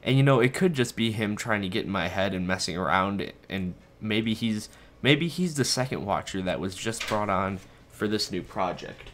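A little hiss or hum sits under this young gaming host's slightly low, somewhat bright voice as he plays from his bedroom at a moderate pace. Lively and a bit out of breath, he rambles through casual let's-play commentary, mocking himself and chatting to viewers and his dog.

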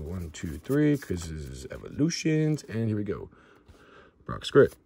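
A young man with a medium-pitched voice hosts a card-opening video at a normal pace, with a little hiss or hum in the recording. He casually lists cards as he goes, stumbles over some names, and gets excitable, shouting and whooping at big pulls, like a typical pack-opening channel host.

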